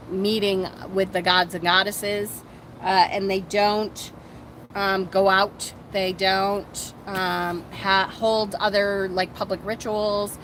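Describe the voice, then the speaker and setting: A woman hosting a casual book discussion, reading passages aloud and commenting in a chatty, animated way with lots of fillers, recorded outdoors on sand. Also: mid-range voice, a little hiss or hum, rough recording.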